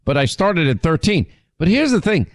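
A middle-aged man hosting a talk show, telling long, meandering stories with frequent restarts. He teases his co-host playfully and his voice jumps up in pitch when he gets worked up. The sound is dry and close. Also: moderate pace, dry recording. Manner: rambling, teasing, animated storyteller with many restarts. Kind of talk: casual on-air storytelling.

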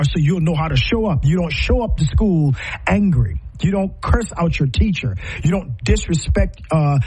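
A man's voice: fairly high pitch, a little mellow, slightly rough. A middle-aged man hosting a show, giving impassioned, preacher-like commentary full of rhetorical questions and repetition.

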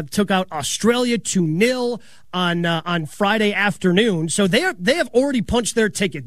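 A man hosting a sports radio show, chatting casually with quick asides and frequent laughter. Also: sits high, no echo, clean studio sound.

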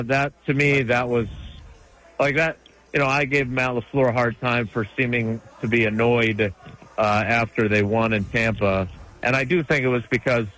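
A man's voice: medium pitch, a bit bright, low-quality recording. A man co-hosting a casual sports talk show, giving chatty, emphatic analysis with frequent restarts.

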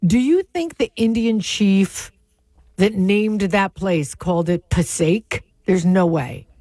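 A woman hosting a call-in radio show, bantering and teasing with quick asides. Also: medium pitch, mellow, no room sound. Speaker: radio talk show host. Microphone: studio microphone.

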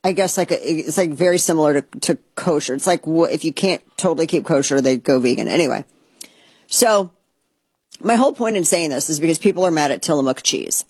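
Chatty woman host with a drawl, husky and dry close sound. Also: low-pitched, brisk, dry recording. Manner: chatty, rambling, animated asides. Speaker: show host. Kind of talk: casual opinion talk.

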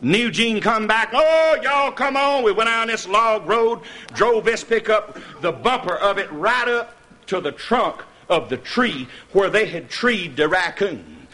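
A man telling a folk tall tale, animated, often laughing and breaking into hollers. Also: high voice, a little slow. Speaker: storyteller. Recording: noisy recording with clicks.

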